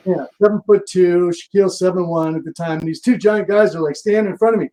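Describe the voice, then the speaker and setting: High-voiced man telling lively anecdotes. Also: quick pace, hardly any pauses. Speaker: guest, sports agent. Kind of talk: interview storytelling.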